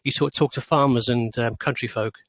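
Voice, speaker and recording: A man in his sixties from rural England, a guest author on an interview show. He speaks at a mid pitch and picks his words slowly, with many pauses and restarts. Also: fairly even intonation, a bit bright, low-quality recording. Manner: hesitant, many fillers and restarts.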